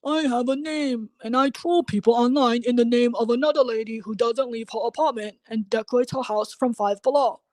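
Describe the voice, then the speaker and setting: A self-important online troll with a high singsong voice, as a woman mimics her, announcing herself with puffed-up pride. The voice sits a few steps higher than the speaker's own and drifts back from the mic. It is delivered dry and close to a livestream rant. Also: a little fast, few pauses, a little mellow, no echo, natural voice. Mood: mocking.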